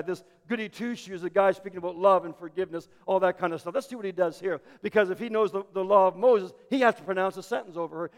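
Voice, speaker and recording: A man preaching a sermon as a pastor, telling the story dramatically and swinging between loud passages and hushed ones. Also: high voice. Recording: hall reverb.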